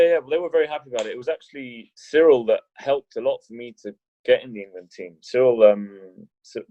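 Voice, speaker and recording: A low-voiced man rambling through a casual podcast interview, full of restarts and jokes. The sound is dry and dull, like lo-fi podcast audio. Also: mellow, dry recording. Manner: rambling, many restarts and fillers, jokey. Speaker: podcast guest, wheelchair rugby league player.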